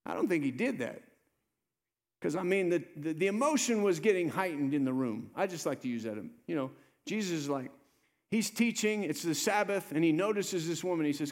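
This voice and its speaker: A male pastor preaching a sermon, swinging between loud urgent appeals and low soft asides. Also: animated, brisk. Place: church sanctuary. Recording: live church sermon with long reverb.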